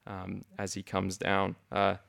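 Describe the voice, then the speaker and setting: A man with a low, gravelly voice teaches through a Bible passage. He reads verses aloud and explains them earnestly, stumbling into restarts and fillers as he goes. The tone is conversational rather than polished. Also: monotone, slow, fairly bright tone. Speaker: preacher.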